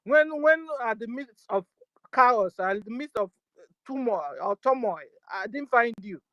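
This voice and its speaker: A woman hosting a casual live audio chat, forceful and firm, often asking "you understand?". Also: fairly high pitch, a little slow, dry recording, dull audio. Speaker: host of an online audio space.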